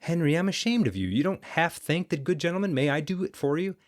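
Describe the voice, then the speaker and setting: A man's voice: fairly high pitch, expressive, fast talker, voice pushed up, natural voice. A man voicing an anxious young woman who pleads and frets with her sweetheart. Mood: chiding. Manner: fretful, pleading.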